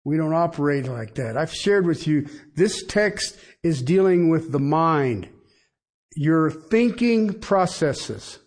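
A man's voice: a little high, a little slow, hardly any pauses. A middle-aged man preaching a sermon in a conversational way, with asides and rhetorical questions to the congregation. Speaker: pastor.

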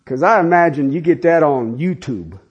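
A pastor in his fifties preaching a sermon in a lively, conversational way, with casual asides to the congregation. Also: a little high, moderate pace, breathy edge, dull audio.

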